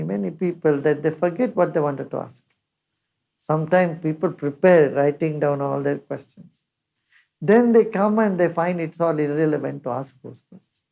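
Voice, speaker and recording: An older woman giving a measured spiritual discourse as a teacher, reciting scripture verses along the way. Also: on the low side, vocal fry, warm tone.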